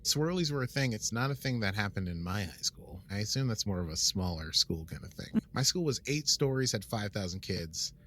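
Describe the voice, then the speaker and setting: A man co-hosting a podcast in casual chat, talkative, animated and self-deprecating. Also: fairly low pitch, fairly quick, few pauses. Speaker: podcast co-host.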